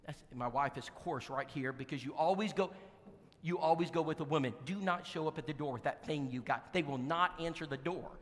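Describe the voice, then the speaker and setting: A man preaching, telling folksy stories in an animated, emphatic way to a congregation in a church. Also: on the high side, a little fast, big-room sound. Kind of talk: sermon storytelling. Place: church sanctuary.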